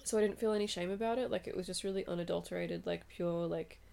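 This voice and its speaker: A young Australian woman co-hosting a podcast late at night, sleepy and relaxed as she chats and swears. Her voice sits low with a gravelly, fried edge and a dark, mellow tone. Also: quick pace. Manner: relaxed, chatty, swears and giggles. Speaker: podcast co-host. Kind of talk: casual chat.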